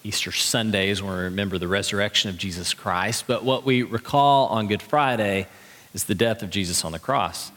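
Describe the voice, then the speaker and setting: A pastor delivering a sermon in a church, earnest and conversational with light humor. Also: male voice, fairly low pitch, brisk, fairly bright tone. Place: church sanctuary. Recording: long reverb of a large hall.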